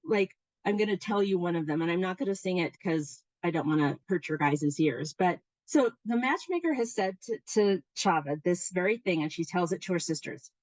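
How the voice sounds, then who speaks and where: A woman runs an informal workshop, telling a story with an animated voice that rises and falls a lot. She talks in a chatty way, full of fillers and restarts. The sound is dry and close. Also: medium pitch, no echo, rough recording. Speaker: workshop presenter.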